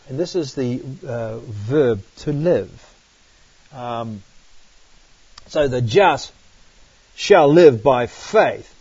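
A man's voice: medium pitch, dark tone, husky, no echo, highs cut off. A man giving a Bible study lecture, explaining passages and reading scripture aloud, often checking in with "right?". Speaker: Bible teacher.

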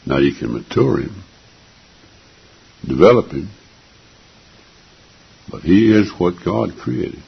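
A man preaching with a very deep, gravelly and raspy voice, slow and deliberate. He is earnest and emphatic, repeating key phrases for weight. The recording is dull and lo-fi. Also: very animated. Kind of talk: sermon.

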